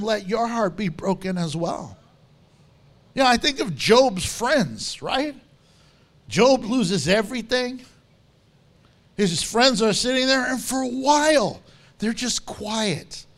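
A man preaching a sermon with animated storytelling, acting out the quotes he tells. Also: high-pitched.

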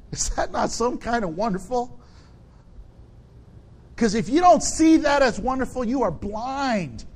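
A middle-aged male pastor preaching a sermon, animated and acting out the people in his stories. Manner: animated preaching, acts out quoted people in a high shout.

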